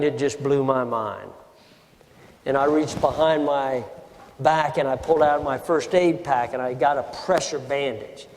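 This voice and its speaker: An older man, a former Marine officer, telling a combat story slowly and emphatically, with many repetitions. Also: medium pitch, darkish tone, long reverb tail, a little hiss or hum. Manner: slow, deliberate, emphatic retelling with repetitions. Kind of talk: oral history storytelling.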